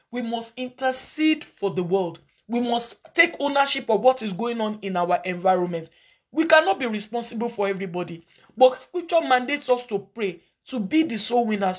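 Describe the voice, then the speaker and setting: A woman pastor preaching and leading a congregation in earnest, pleading prayer, repeating short phrases of confession. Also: mid-range voice. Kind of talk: sermon with led prayer.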